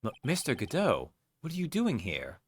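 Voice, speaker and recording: A man's voice: mid-range voice, huge pitch swings, normal speed, slightly rough, no room sound, pitched above the performer's own voice, full character voice. A man voicing an earnest young defense lawyer from a game, flustered and a little stammering.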